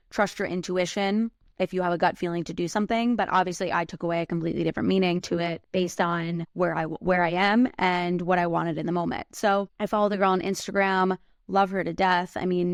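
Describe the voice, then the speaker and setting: A woman in her thirties telling a personal story on her podcast, her voice sitting a little low. She talks loosely, with lots of "like" and the odd swear word. The sound is dry and close, with no room echo. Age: 30s. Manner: casual, heavy use of "like", swears freely. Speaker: podcast host.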